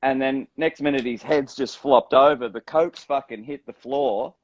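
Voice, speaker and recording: A man's voice: mid-range voice, normal speed, no room sound, lo-fi sound. A man, a tattoo artist telling a casual story, swearing freely and acting out the lines of people in it. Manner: laid-back, swears freely, acts out quotes. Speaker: tattoo artist, podcast guest.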